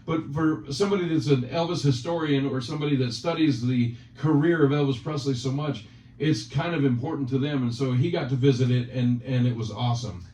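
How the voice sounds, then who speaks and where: A man's voice: mid-range voice, brisk, mellow. A man hosting a casual chat, teasing his guest in joking banter. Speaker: channel host. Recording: roomy, distant, dull sound.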